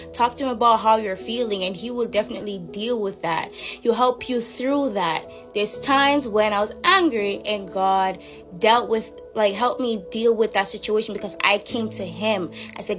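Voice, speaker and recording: Music plays under a young woman's fairly bright, slightly high voice as she talks faith to her viewers on camera. Her advice is Christian, casual, earnest, and somewhat preachy, sprinkled with fillers.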